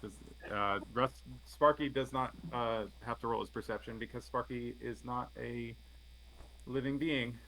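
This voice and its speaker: A man narrating as game master in a tabletop game, halting with many fillers. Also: mid-range voice, steady tone, pushed and bright, low-quality recording.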